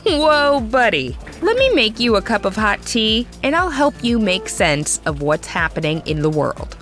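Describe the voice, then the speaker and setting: A woman's voice: mid-range voice, big pitch swings, moderate pace, fairly bright tone. A woman hosting a news show, reading the news in a friendly, upbeat way, with faint music behind her. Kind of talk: scripted news presenting for young viewers.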